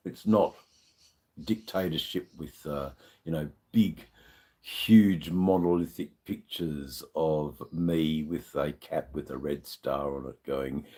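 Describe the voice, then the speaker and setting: A man's voice: a bass voice, fairly even intonation, slow, mellow. A man with an Australian accent hosting a casual live stream, a bit tipsy, rambling and swearing as he answers viewers' comments. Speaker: livestream host.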